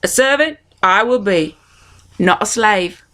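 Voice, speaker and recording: A woman's voice: medium pitch, expressive, a little slow, fairly bright tone. A woman voicing a rustic, hopeful twelve-year-old servant girl who speaks in folksy dialect. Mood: eager.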